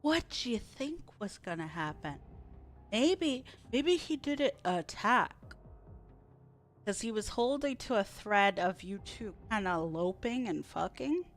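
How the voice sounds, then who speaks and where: A woman's voice: mid-range voice, sing-song, a little slow. A young woman streaming a story game, reading its text aloud and reacting bluntly and sarcastically, with frequent swearing. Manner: blunt, sarcastic, swears freely at the game's choices.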